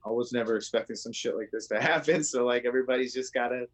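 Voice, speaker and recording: A man's voice: medium pitch, fast talker. A man co-hosting a casual podcast, laid-back and profane, laughing often as he talks. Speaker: podcast co-host. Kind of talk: casual chat.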